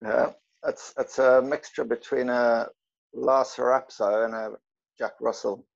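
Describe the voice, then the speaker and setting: A man's voice: medium pitch, little pitch movement, unhurried, creaky, dull audio. A man from South Africa with a South African accent, a laid-back podcast guest who laughs often. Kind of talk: casual chat.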